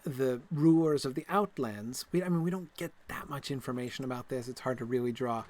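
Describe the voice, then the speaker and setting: A man's voice: mid-range voice, a little fast, darkish tone. Rambling man lecturing while gaming. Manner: rambling and digressive, many fillers and restarts; enthusiastic, laughs at himself. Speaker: host. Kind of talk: casual lecture while playing a game.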